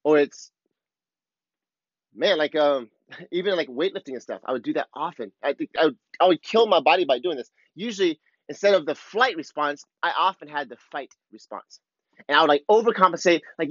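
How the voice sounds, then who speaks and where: A man's voice: fairly high pitch, lively intonation, fairly quick, no echo, dull audio. A man talking as a surf coach in a casual, rambling monologue, candid and full of swearing, recorded on a clip-on mic. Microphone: clip-on wireless mic.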